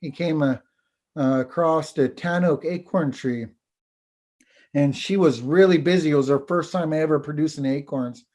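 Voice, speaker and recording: A man, a teacher and storyteller, telling a folk tale over a video call in an unhurried, halting way. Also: a little high, darkish tone. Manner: unhurried, halting, repeats words. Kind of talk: oral storytelling.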